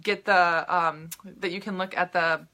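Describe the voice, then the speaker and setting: Bright-voiced chatty woman, Minnesota accent. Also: fairly low pitch, fairly even intonation, unhurried. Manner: chatty, upbeat, many fillers and restarts. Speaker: health coach and podcast host. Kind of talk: casual live-stream talk to viewers.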